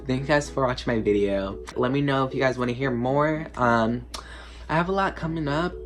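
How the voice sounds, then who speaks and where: A man's voice: mid-range voice, brisk. A teenage boy telling a casual storytime, rambling with lots of fillers and "like". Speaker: vlogger. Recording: clear music playing under the voice. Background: background music.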